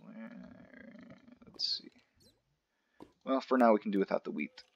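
Male let's-play host, lowish voice, chatty and self-joking, dull lo-fi desk mic sound. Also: expressive, takes it slowly, creaky. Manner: chatty, joking asides to himself. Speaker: gaming channel host. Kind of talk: casual let's-play commentary.

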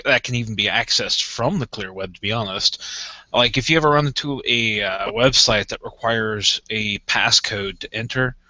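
Bright matter-of-fact man explaining. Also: mid-range voice, no room sound, lo-fi sound. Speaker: guest explaining a topic. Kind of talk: casual explanation.

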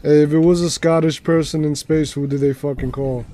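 A man streams a game and talks through it in a loose, rambling way, full of swearing and random asides. His voice sits fairly high for a man. A faint background hum runs underneath. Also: normal speed. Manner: excitable, rambling and profane. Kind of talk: casual gameplay commentary.

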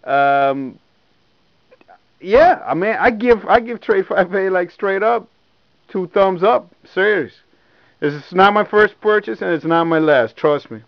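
A man's voice: high voice, unhurried, no room sound. Young man, sneaker vlogger, hyped and swearing, repeats himself; lo-fi dry home audio. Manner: excited, profane, repeats himself. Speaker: sneaker reviewer. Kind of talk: casual unscripted vlog. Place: indoors at home.

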